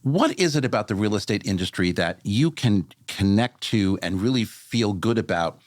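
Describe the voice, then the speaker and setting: A man hosting a casual interview, earnest and quick to retell what others told him. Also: lowish voice, no room sound, studio quality. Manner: earnest, quotes others in lively voices. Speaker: podcast host.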